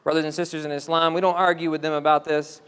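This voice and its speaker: A man's voice: on the high side, little pitch movement, fast talker, fairly bright tone, smooth. A man giving a religious lecture, explaining step by step and asking the audience questions. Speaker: Islamic lecturer. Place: mosque hall. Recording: long hall reverb.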